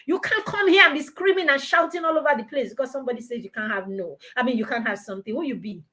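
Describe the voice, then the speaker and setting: A woman giving a lively parenting talk, acting out parent and child dialogues as she goes. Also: sits high, fast talker. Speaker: parenting mentor. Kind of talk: live online parenting talk.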